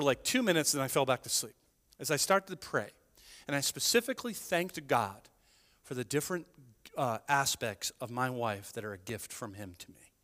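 A man preaching a sermon as a pastor, telling stories in a chatty, animated way with quick asides. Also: high voice, big-room sound.

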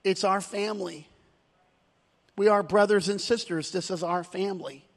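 High-voiced man preaching in a reverberant hall. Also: steady tone, moderate pace, gravelly. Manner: preaching that swings between shouted climaxes and low quiet asides. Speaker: pastor. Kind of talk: sermon. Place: church sanctuary. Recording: long church hall reverb.

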